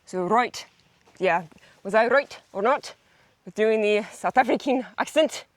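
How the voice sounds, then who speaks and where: A woman's voice: fairly high pitch, normal speed, no room sound. Giggly self-mocking woman farm vlogger. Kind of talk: casual chat.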